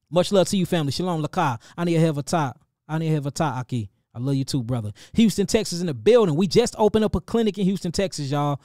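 A middle-aged man with a St. Louis accent hosts a casual livestream, giving animated, preachy shout-outs and calling his listeners family. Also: a little high, fast, dry recording, studio quality. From St. Louis, Missouri. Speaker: livestream host and healer.

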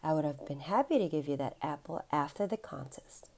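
A gentle older orchard owner, read aloud by a mother. She speaks softly with sighs, sometimes dropping to a breathy hush, with a lively lilt in her pitch. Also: brisk. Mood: gentle, sad. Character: kindly old woman orchard owner, gentle.

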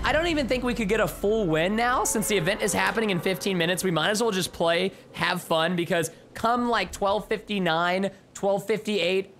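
A young man giving live gameplay commentary as a streamer, excitable and chatty, with bursts of yelling at the game. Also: high voice, a little hiss or hum. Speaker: gaming livestreamer.

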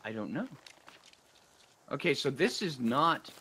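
A man hosting a casual co-op game session, reacting excitedly and calling his friend "dude" and "man". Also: mid-range voice, measured pace, background noise. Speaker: gaming channel host. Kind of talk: casual co-op gameplay chat.

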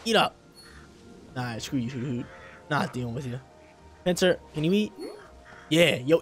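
A young man casually commenting while he plays a video game, laid-back and slangy, with sudden loud bursts of excitement. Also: on the high side, normal speed, long pauses, faint music behind. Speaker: gameplay streamer.

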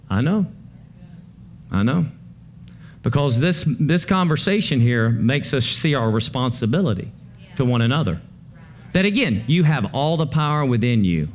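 A male pastor preaching a conversational sermon to his congregation, moving between hushed low passages and rising, urgent ones. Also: slight background noise.

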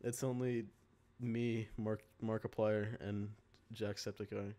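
A man's voice: fairly low pitch, flat delivery, slow pace, mellow. A young man co-hosting a casual late-night podcast, giggling often and trailing off with ums and restarts. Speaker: podcast co-host. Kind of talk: casual late-night chat over voice call.

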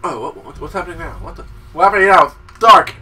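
Excitable shouting gameplay commentator, a man. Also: a little high, rapid-fire, distant mic, noisy background. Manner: excitable, loud, joking, often shouting. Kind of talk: let's-play commentary. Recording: set back from mic, music behind.

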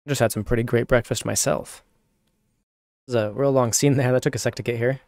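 A man's voice: medium pitch, fairly even intonation, a little fast, gravelly, over music. A man hosting a let's play, chatting casually while he plays a video game. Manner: laid-back and chatty. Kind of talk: casual gameplay commentary.

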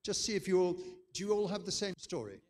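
A man's voice: high voice, big pitch swings, quick pace, a little mellow, long reverb tail. An older man from England, giving a chatty, anecdotal conference lecture. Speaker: keynote speaker.

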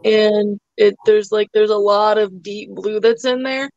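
A woman's voice: medium pitch, steady tone, a little slow, darkish tone, no echo, muffled recording. Chatty woman hosting a live sale. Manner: chatty, full of "like" and "um" fillers. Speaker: live auction seller. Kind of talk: casual live-stream sales chat.

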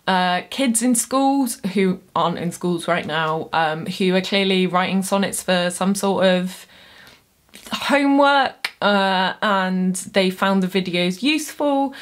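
Young woman, casual explainer, nerdy and chatty, mid-pitched voice. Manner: chatty, nerdy, self-deprecating asides. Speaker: poet and booktuber.

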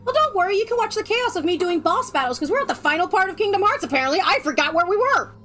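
A woman streaming a video game, chatting loudly and jokingly and swearing freely. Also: very high voice, big pitch swings, rapid-fire, a little hiss or hum. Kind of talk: casual livestream chat. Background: game music.

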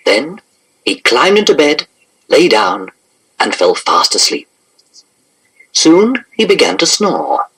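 A man reading a children's storybook aloud in an expressive, animated narration. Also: a little high, slow, long pauses, slightly rough, poor audio.

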